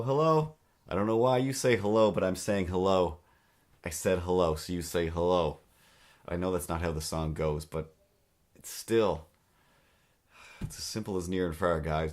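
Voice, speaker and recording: A man hosting a comedy podcast, ranting in an animated, exasperated way and slipping into little voices. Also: deep voice. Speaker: podcast host. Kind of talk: comedic monologue.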